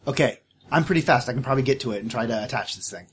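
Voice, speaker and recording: A man at a tabletop game talks through his group's plan, often stopping to correct himself. His voice is medium-pitched, with faint room noise behind it. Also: rapid-fire. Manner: rambling, self-correcting planner. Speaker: player.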